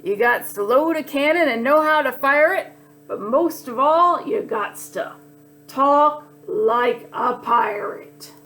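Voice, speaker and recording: Cranky male pirate captain in a kids' storybook, gruff and loud, read by a woman. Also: high voice, lively intonation, slow pace, soft background music, exaggerated voice. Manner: rhyming, bellowing pirate talk.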